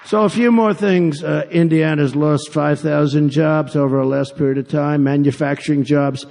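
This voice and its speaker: A man's voice: a little high, steady tone, normal speed, gravelly, a little mellow. An older man delivering a rambling, repetitive rally speech to a crowd, with mocking asides. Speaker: political candidate at a rally. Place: large arena with a crowd. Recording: long hall reverb from a PA.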